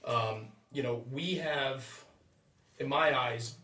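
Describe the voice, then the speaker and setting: A man's voice: medium pitch, slow, pushed and bright. Earnest firefighter man, distant and roomy. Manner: earnest, reflective, with lots of filler. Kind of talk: casual podcast discussion. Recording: roomy sound, distant from mic.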